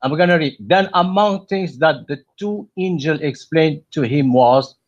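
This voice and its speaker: A man calls in to argue, his voice fairly high and dulled by a muffled phone line. He speaks haltingly, stammering and starting over. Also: expressive. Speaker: caller. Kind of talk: call-in debate.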